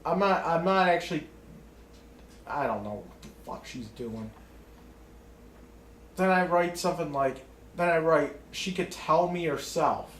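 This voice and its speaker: A man's voice: a little high, fairly bright tone, roomy sound. A man ranting casually to camera in a rambling way, swearing often and restarting his sentences. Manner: rambling, profane, many restarts and fillers. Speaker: vlogger.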